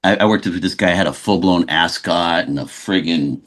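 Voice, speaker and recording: A man from Los Angeles, speaking as a guest on an interview show. His voice sits fairly low, and he tells stories with lively energy, often stopping and restarting mid-sentence. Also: moderate pace. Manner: animated storyteller, frequent restarts. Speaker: guest actor. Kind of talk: casual interview chat.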